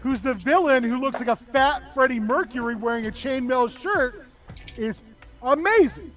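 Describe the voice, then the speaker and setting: A man's voice: extremely high pitch, expressive, moderate pace, a bit bright, faint music behind. A man co-hosting a casual live stream chat, enthusiastically recalling and quoting favorite movie lines.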